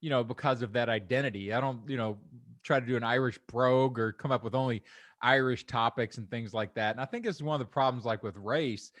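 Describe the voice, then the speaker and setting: A man's voice: mid-range voice, fairly quick, fairly bright tone, no echo. Reflective male podcast host, dry sound. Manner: reflective, musing, casual fillers. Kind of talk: podcast conversation.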